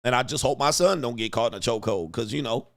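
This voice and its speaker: A man's voice: medium pitch, fast talker, vocal fry. Joking, profane man hosting a livestream. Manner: loose, joking, profane, reads viewer comments aloud; laughs often, slangy street talk. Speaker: livestream host. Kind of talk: casual livestream talk.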